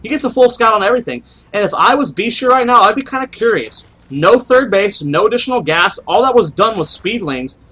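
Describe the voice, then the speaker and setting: A man's voice: high voice, animated, fairly quick, hardly any pauses, sharp tone, husky, poor audio. A man giving solo play-by-play commentary on a strategy game match, chatty and explanatory, often thinking aloud and asking himself questions. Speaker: esports caster.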